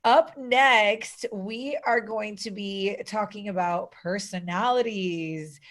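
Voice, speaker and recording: A woman's voice: medium pitch, takes it slowly, fairly bright tone. A woman moderating an online conference, introducing speakers in an upbeat, enthusiastic way. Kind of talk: event moderation.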